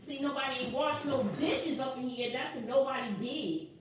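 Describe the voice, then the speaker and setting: A woman vlogging casually from home, excited and giggly, talking to her viewers as y'all. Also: sits high, normal speed, recorded from a distance. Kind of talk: casual vlog chat. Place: home room. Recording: echoey room, off-mic.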